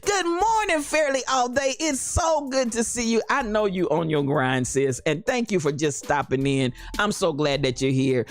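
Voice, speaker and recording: A woman's voice: medium pitch, lively intonation, normal speed, few pauses. Playful woman chatting with her audience. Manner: playful, musing, reads chat names aloud. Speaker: host. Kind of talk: casual live-stream chat.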